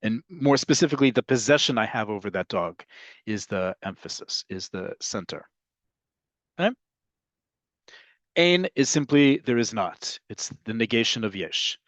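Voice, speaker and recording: A man teaching a language lesson from slides, often checking in with his listeners and pushing key words up in pitch and volume. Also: animated, moderate pace, long pauses, dry recording. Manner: checks in often with "right?" and "okay?"; stresses words with sudden jumps in pitch and loudness. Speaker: Hebrew teacher. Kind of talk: slide lecture. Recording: dull, dry lo-fi recording.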